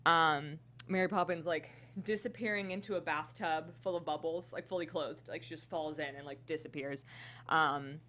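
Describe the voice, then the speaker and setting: Co-host, young woman, lower register, excitable storyteller, filler-heavy casual delivery. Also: normal speed. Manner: animated storytelling, heavy use of "like". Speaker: podcast co-host. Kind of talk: casual chat.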